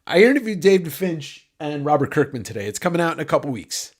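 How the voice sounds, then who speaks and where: A man's voice: a little high, big pitch swings, quick pace. Nasal man rambling on a livestream. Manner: rambling, joking, swears freely. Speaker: livestream host. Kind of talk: casual livestream chat.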